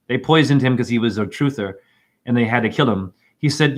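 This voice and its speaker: A man hosting a spiritual video, rambling in an erratic, free-associating monologue with shouted asides. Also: mid-range voice, moderate pace.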